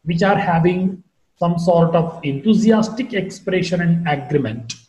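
A man lectures on phonetics at a slow, careful pace. His high voice has a mellow, dark tone. The recording carries a roomy echo. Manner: slow, deliberate teaching with wide pitch swings.

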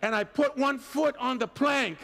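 Male storyteller, very high pitch with a gravelly edge, animated live delivery, shouts for effect. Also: measured pace, big-room sound, slight background noise. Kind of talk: live comic storytelling to an audience. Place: festival tent with a live audience.

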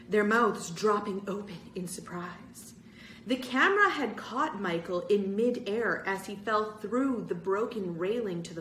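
A woman reading a children's chapter book aloud, narrating with expressive drama. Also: mid-range voice, distant mic, slight background noise. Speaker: story-time reader. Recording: roomy echo.

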